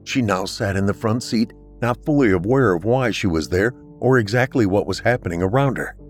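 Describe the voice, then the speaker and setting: Man, podcast storyteller, very low voice, measured scripted narration. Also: soft background music.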